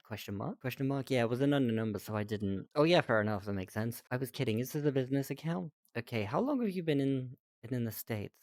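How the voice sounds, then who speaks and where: A young man reads posts aloud on a stream and picks them apart with amused disbelief. His voice sits at a middle pitch and often leaps up when he is baffled. He laughs between lines and restarts his sentences. The sound is dry and close. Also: darkish tone, no room sound. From Britain. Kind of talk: casual reaction reading.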